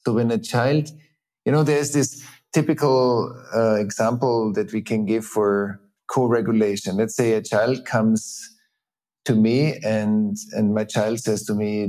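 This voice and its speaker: A man hosting a reflective conversation, speaking thoughtfully with frequent pauses, fillers and restarts. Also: medium pitch, a little mellow. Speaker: host.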